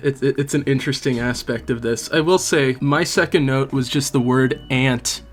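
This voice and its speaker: Deadpan young man as a guest. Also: medium pitch, normal speed. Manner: dry, deadpan humor. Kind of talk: casual video review chat.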